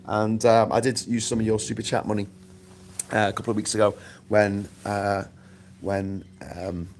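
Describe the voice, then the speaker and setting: A man hosting a livestream in a relaxed, rambling way, with frequent swearing and quick asides. His voice sits a little low, and he talks in loose, conversational stretches. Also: slight background noise. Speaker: livestream host. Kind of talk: casual chat.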